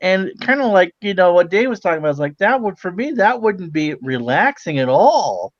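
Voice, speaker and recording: Man, casual chat, dry wry remarks, higher pitch, dull lo-fi sound. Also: big pitch swings, normal speed, dry recording. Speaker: regular guest.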